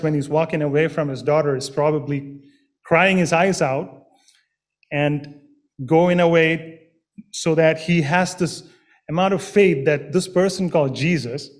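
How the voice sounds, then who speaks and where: A man delivers a sermon at an unhurried pace, his voice sitting a little higher than most men's. He talks earnestly, often pausing on fillers and starting phrases over. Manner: slow, earnest, with many fillers and restarts. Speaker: preacher.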